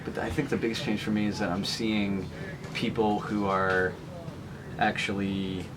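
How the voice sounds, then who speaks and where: A man's voice: fairly low pitch, little pitch movement, unhurried, noisy background. A young man who works at a game store, speaking hesitantly with many fillers in an interview. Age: young adult. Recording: crowd chatter behind.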